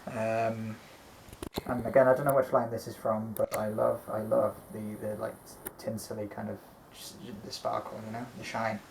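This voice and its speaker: Casual collector co-host, male, creaky voice, loose and rambly, swears a lot. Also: on the low side, flat delivery, normal speed, a little hiss or hum, poor audio. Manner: rambling, swears freely, many ums. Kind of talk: casual chat showing a collection.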